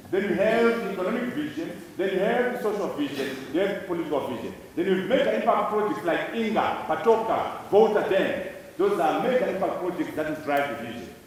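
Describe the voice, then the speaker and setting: In a large lecture hall, a Zimbabwean man with a fairly high voice addresses students emphatically, stressing key words through repetition. He stands far from the mic, so the sound echoes, and there is a little hiss or hum.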